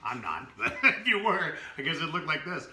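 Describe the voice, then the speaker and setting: A man's voice: fairly high pitch, very animated, moderate pace, pushed and bright, reverberant. A man from the Boston area co-hosting a casual cooking demo, chatty and joking as he tastes the dishes. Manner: joking, chatty, laughs often. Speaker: co-host.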